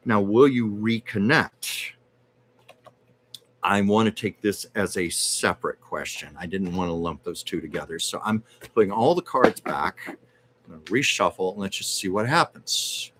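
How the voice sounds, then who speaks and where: Lowish-voiced man hosting a live card reading. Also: expressive, fairly bright tone, a little hiss or hum. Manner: measured and reassuring, with frequent hesitations. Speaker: live stream host giving card readings. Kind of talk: casual live stream chat.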